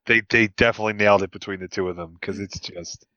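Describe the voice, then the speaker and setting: A man in casual chat about a film, talking in a measured way with a few stammered restarts. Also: on the low side, fairly even intonation, sharp tone, dry recording. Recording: dull lo-fi dry recording.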